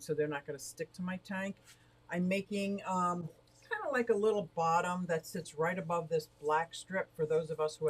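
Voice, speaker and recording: A middle-aged woman hosting a casual livestream from beside her fish tank, chatting in a bubbly, rambling way and reading out viewer comments. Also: lowish voice. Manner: bubbly, rambling, quick to laugh. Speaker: livestream host of an aquarium shop.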